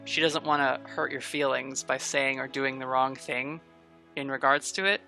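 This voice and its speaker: A woman narrating as game master of a tabletop game, in a relaxed, chatty way. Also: rumbling low, vocal fry, faint music behind. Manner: relaxed, chatty narration with quick voiced asides.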